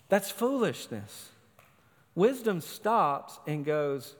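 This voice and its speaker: A man's voice: high voice, animated, measured pace, a little hiss or hum. A male pastor preaching a sermon in emphatic, short, punchy phrases. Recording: long hall reverb.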